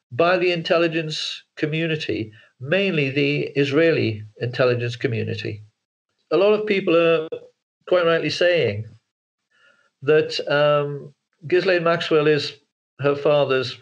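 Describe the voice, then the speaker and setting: Man on a dull, lo-fi video call. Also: on the high side. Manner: hesitant, with repeated words and restarts. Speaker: guest, author and filmmaker. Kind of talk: casual interview talk.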